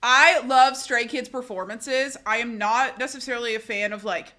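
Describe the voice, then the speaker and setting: A young woman streamer telling a rambling, excitable story in casual live-stream chat. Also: on the high side, moderate pace.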